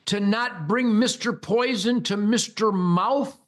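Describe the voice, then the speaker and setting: An older American man holds forth in a rambling monologue, bombastic and mocking. His voice sits somewhat high for a man and leaps upward in loud bursts when he gets going. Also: slow. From United States. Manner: bombastic, mocking, loud rants with sudden high-pitched outbursts. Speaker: host.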